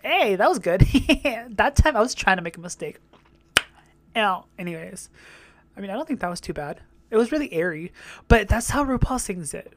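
A woman's voice: medium pitch, animated, moderate pace. A young woman chatting casually as she reacts to a TV show, often swearing and laughing as she goes. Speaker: reaction vlogger.

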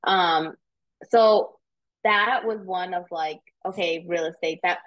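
A woman realtor chatting in a casual interview, telling animated stories and swearing casually. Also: on the low side, slow, muffled recording. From United States. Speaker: realtor guest.

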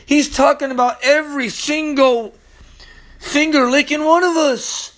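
A man preaching in an excited, informal way, laughing often and repeating lines for emphasis as the host of a Bible teaching show. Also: very high-pitched, unhurried.

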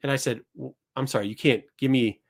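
A man's voice: mid-range voice, steady tone, brisk, gravelly. A middle-aged man hosting a show, telling a story and acting out both sides of the exchange. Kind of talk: storytelling to a studio crew.

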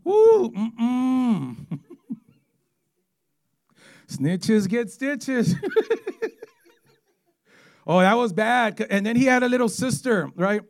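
Gravelly high-voiced male evangelist. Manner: animated storytelling, acts out quotes. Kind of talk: sermon testimony.

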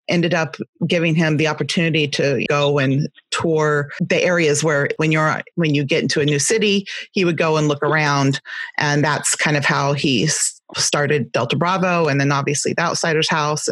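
A woman's voice: deep voice, a bit bright, dry recording. Dry-voiced West Coast woman co-host. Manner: rambling, hesitant with many ums. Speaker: podcast co-host. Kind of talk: casual interview chat.

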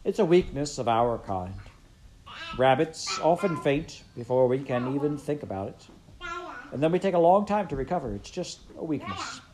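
A woman voicing a prim, gentle father rabbit. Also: a little high, very animated, moderate pace, a crowd in the background, pitched above the performer's own voice, poor audio. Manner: formal, gentle and reassuring.

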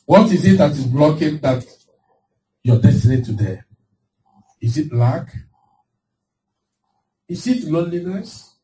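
Animated preacher man, distant mic. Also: fairly high pitch, a little slow, long pauses. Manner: animated, laughing, acting out quoted voices. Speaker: pastor. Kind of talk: sermon. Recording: distant mic with faint background noise.

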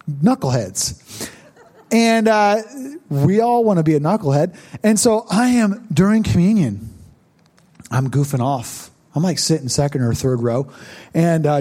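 A young male pastor preaching in a relaxed, storytelling way, often asking the congregation whether they remember. His voice sits a little high and sounds warm and mellow. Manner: storytelling, conversational with congregation asides. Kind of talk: sermon with personal story.

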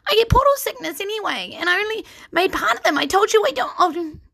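A woman voicing a nervous, rambling female gnome tinkerer with a squeaky voice. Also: lively intonation, fairly quick, creaky, fairly bright tone, slight background noise, exaggerated voice. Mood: flustered.

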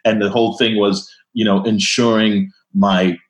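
Brief: easygoing male guest, low voice, chuckles often. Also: little pitch movement, normal speed. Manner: laid-back, laughing easily. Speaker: podcast guest. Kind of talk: casual chat.

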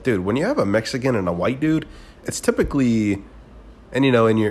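This is a man with a fairly low voice, hosting a casual solo podcast. He tells stories in a rambling, profane way and keeps breaking into excited outbursts. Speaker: podcast host.

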